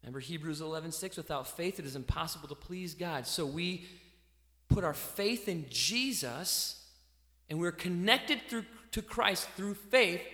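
High, bright-voiced preacher in an echoey hall. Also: male voice, measured pace. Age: adult parent. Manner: animated, swings between loud emphasis and quiet asides. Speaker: pastor. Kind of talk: sermon.

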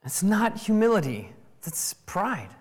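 A preacher delivers an expository sermon in an animated way, firing off rhetorical questions and acting out quoted voices. His voice is medium-pitched and his pace is slow.

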